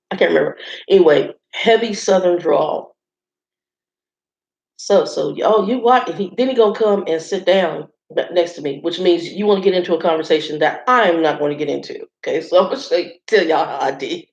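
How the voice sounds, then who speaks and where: Chatting casually from a hotel room, this vlogger rambles through a story for her viewers at a moderate pace. She has a low, gravelly voice with a darkish tone, and the sound comes across roomy and a bit dull.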